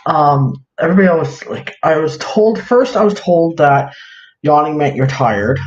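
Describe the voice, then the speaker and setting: A man's voice: on the high side, animated, moderate pace. A man chatting casually on a livestream, rambling with lots of fillers as he shows his crafts to viewers. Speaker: live-streaming craft seller. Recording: roomy, dull lo-fi, faint hiss.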